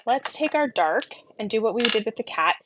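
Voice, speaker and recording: A woman teaching a card-colouring class in casual tutorial narration, her voice gravelly from a lingering cough, often dropping into soft murmurs as she works. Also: a little high, expressive, fairly quick, noisy background. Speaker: card-making instructor.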